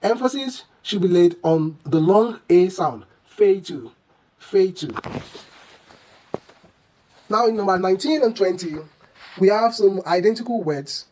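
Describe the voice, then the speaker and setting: Pronunciation teacher, middle pitch, says every word twice or three times nice and slow, keeps asking how u'd say it. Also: darkish tone, a little hiss or hum, low-quality recording. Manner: repeats each word slowly and deliberately; quizzes the listener with questions. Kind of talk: pronunciation lesson.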